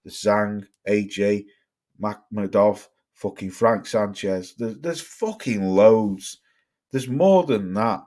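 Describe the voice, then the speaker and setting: A man's voice: fairly low pitch, takes it slowly, a little mellow. A man from northern England with a northern accent, hosting a casual livestream, reading viewer comments aloud, swearing and laughing a lot. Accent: northern English. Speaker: livestream host reading chat. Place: home, living in the Midlands.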